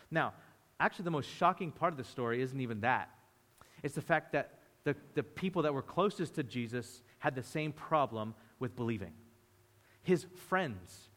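A man preaching a lively sermon, often acting out the voices of the people in the story. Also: fairly high pitch. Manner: animated, acts out voices of disciples. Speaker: pastor. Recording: reverberant hall.

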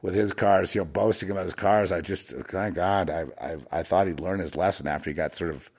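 A man's voice: low-pitched, a little fast, a little mellow, husky. A man delivering a scornful, emphatic, rambling monologue rant, often restarting his words. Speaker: commentator.

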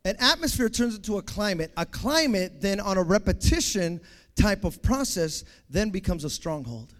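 A man preaching a sermon, acting out everyday scenes with lively sound effects and asides. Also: moderate pace. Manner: animated, acts out scenes, sound effects like boom.

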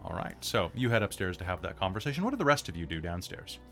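Brief: male game master, casual narration, fairly low voice. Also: very animated, fast, fairly bright tone, soft background music. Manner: casual, conversational.

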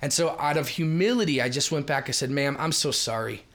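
A middle-aged man from Minnesota, telling ministry stories in a lively, emphatic way as a podcast guest. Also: medium pitch. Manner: lively, emphatic, quick shifts in loudness. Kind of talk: animated storytelling in a podcast chat.

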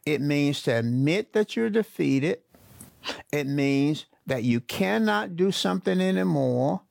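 A male pastor preaching a sermon, slowly repeating his key phrases for emphasis. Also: fairly high pitch, expressive, creaky, a little mellow, dry recording.

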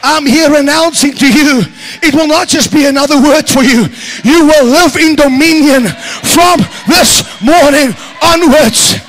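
A man preaching a sermon in an auditorium, shouting fervently, then dropping to a hush. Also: very high-pitched, unhurried. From South Africa. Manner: shouting, stirred-up preaching with sudden quiet drops.

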